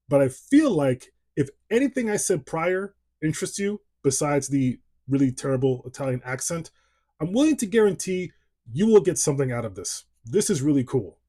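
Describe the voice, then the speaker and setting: Husky, animated male music reviewer. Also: on the high side. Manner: playful, jokey, self-mocking. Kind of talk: casual album review.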